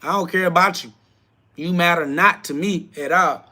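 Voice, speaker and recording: At a moderate pace and with a sharp tone, this male podcast host runs a live self-talk show. His preaching relies on short, repeated slogans, he answers quoted critics in crude slang, and when heated his voice breaks into high-pitched shrieks.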